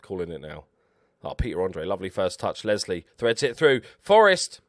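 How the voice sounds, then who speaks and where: A man commentating over his own football management game, excitable and swearing at his players. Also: deep voice, normal speed, no echo, clean studio sound. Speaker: gaming YouTuber. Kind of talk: Let's Play commentary.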